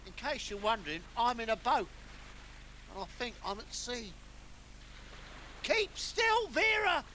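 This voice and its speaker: A performer gives voice to a hapless castaway lost at sea in a children's puppet comedy, excitable and flipping from calm to wailing in comic panic. The delivery is mid-range and a little slow, over slight background noise.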